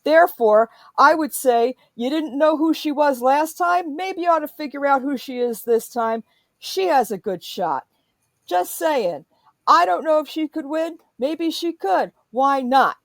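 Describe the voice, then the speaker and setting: A woman's voice: high-pitched, lively intonation, a little slow, dry recording. A woman in a profane, emphatic political rant, speaking as a podcast host.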